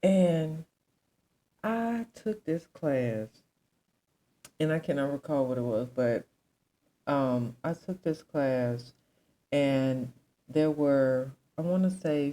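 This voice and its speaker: Meet a young adult woman with a deep, low voice who talks in an unhurried, drawn-out way. She hosts a loose, chatty commentary, wandering into asides and turning questions back to her listeners. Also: warm tone, low-quality recording. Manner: rambling, asks the audience questions, many asides. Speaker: commentary host. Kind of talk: casual commentary chat.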